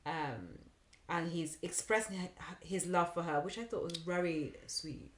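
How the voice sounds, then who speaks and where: A woman's voice: lowish voice, a little slow, slight background noise. A woman co-hosting a podcast, thinking her points through and often restarting. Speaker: podcast co-host. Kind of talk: casual chat. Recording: roomy echo.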